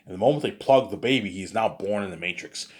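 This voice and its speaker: Rambling, husky low-voiced man. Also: fast. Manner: repetitive filler, stumbling restarts; boastful, rambling. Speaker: storyteller, vlogger. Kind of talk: rambling improvised storytelling.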